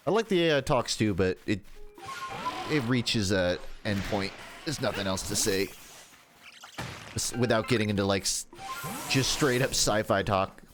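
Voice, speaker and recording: A man's voice: on the low side, a little slow, long pauses, over music. A man streaming a video game, chatting casually in a rambling, self-deprecating way that trails off mid-sentence, his voice strained from earlier voice acting. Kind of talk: casual live-stream chat while gaming.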